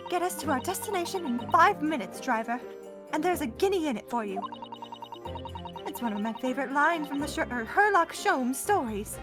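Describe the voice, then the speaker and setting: A woman's voice: sits high, expressive, normal speed, over music. A woman voicing a polite, earnest young Japanese woman assistant in a fan voice-over of a game. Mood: cheerful. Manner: earnest and courteous.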